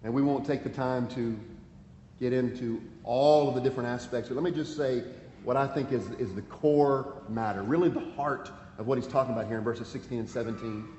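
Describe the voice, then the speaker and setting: A man's voice: mid-range voice, fairly quick, darkish tone, a little hiss or hum. A man preaching a sermon, earnest and pleading, reading scripture aloud with emphasis. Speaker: pastor. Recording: echoey hall, dull lo-fi sound, faint ambience.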